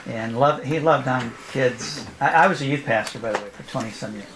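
A middle-aged man, once a youth pastor, shares a heartfelt family story with a church gathering. His voice sits at an ordinary pitch, and he often breaks into laughter as he imitates his young sons. The live recording has a clear layer of background noise. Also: a little fast, a bit bright, rough recording. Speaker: former youth pastor speaking at a church event. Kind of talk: personal testimony storytelling.

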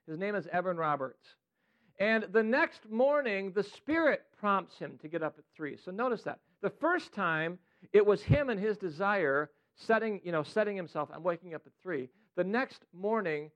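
High-voiced man teaching a prayer group. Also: muffled recording. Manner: animated, playful, asks the group questions. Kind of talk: informal sermon teaching.

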